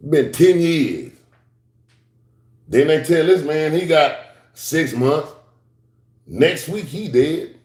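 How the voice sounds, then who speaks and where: A middle-aged man teaching scripture to a class as a sermon, moving between slow, low reading and high excited outbursts, with casual asides to his listeners. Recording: echoey room.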